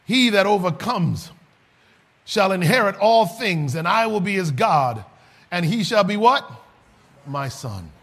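Male preacher, high husky voice, sermon delivery with shouted, sing-song peaks. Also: animated, a little slow.

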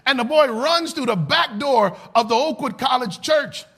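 A man preaching a sermon, rising to shouts and then dropping low and soft. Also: animated, normal speed, breathy edge.

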